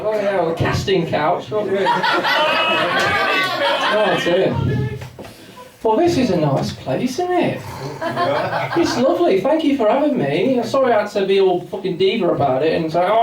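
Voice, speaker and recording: A young English comic in his twenties, with a high voice, banters with a live crowd in a pub function room during a rambling set of self-mockery. Captured from afar in the echoey space, the recording carries heavy background noise plus audience laughter and chatter.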